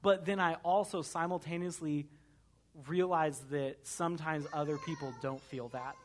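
A young man delivers a sermon in a relaxed, conversational way. His voice sits a touch higher than most men's, and he keeps asking his listeners "right?". The tone stays earnest throughout. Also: moderate pace, slight background noise. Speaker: pastor.

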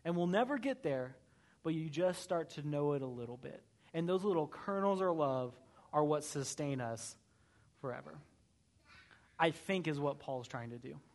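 Earnest young pastor preaching casually. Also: male voice, a little high, animated, moderate pace. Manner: earnest, conversational, frequent "right?" tags. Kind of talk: sermon.

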